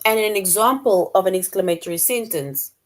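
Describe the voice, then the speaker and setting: A woman's voice: mid-range voice, a little fast. A woman teaching a middle-school grammar lesson, repeating key points and explaining with examples.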